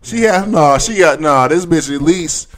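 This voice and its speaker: An excitable podcast co-host talks blunt and profane. His voice sits fairly high and swings widely in pitch. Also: a little slow, crowd noise. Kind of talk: casual podcast chat.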